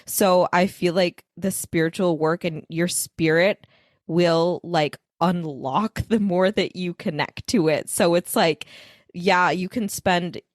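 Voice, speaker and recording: Young woman co-host, lower voice, dry sound, rambling casual chat. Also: slow pace, dry recording. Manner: chatty, rambling, many "like" fillers. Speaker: podcast co-host.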